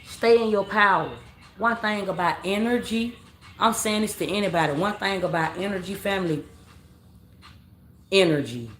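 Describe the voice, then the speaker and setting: A woman's voice: mid-range voice, normal speed, pauses often, soft background music. A woman reading tarot on a late-night live stream, talking casually in slang, rambling, repeating herself and calling her viewers family. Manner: rambling, repeats phrases, scolds commenters. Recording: roomy echo with faint background noise.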